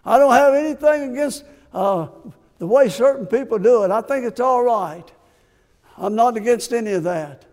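High-voiced impassioned preacher man. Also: animated, moderate pace, darkish tone. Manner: impassioned preaching with rhetorical questions. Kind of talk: sermon. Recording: long hall reverb.

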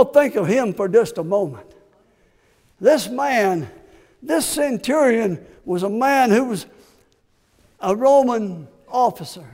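High-voiced impassioned preacher man. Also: warm tone. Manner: impassioned preaching with rhetorical questions. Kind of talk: sermon. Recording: long hall reverb.

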